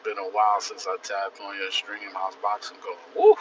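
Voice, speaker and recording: Young New man, loose slangy streamer, bright voice, faint traffic behind. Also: fairly low pitch, completely flat delivery, moderate pace, recorded from a distance. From the Bronx, New York. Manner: rambling, slangy, laid-back. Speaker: livestream host. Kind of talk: casual livestream chat. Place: out and about in the city. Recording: dull phone audio from off-mic.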